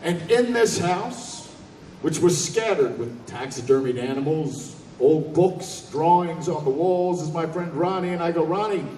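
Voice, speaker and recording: A man telling a comic story on stage in a convention hall, animated, profane and laughing. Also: on the high side, measured pace, a little hiss or hum. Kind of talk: stand-up storytelling. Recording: echoey hall from far off.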